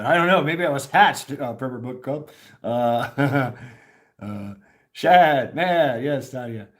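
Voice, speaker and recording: A middle-aged man from Tennessee hosting a casual live stream, rambling, swearing and laughing often as he reads comments. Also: mid-range voice.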